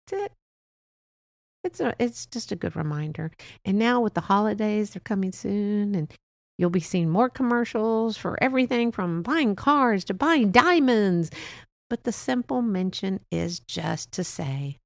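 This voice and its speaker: A woman in her sixties hosts her own podcast, drifting from thought to thought in a heartfelt, chatty way. Her mid-range voice has a gravelly edge, and the sound is close and dry with no room around it. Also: medium pitch, animated, moderate pace, dry recording. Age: 60s. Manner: rambling, heartfelt, prone to chuckles. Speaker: podcast host. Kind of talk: casual solo podcast monologue.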